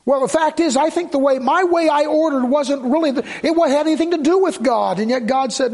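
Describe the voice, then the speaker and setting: Gravelly-voiced preacher, earnest and urging. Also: male voice, very high voice, fairly quick, few pauses. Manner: earnest, swings from hushed prayer to urgent appeals. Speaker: pastor. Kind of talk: sermon.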